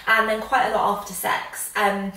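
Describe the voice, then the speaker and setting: A woman's voice: mid-range voice, flat delivery, normal speed, bright, forceful tone. A woman in her late twenties, a guest chatting candidly and with self-mocking humour. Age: 20s. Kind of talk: casual chat. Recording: roomy echo, mic at a distance.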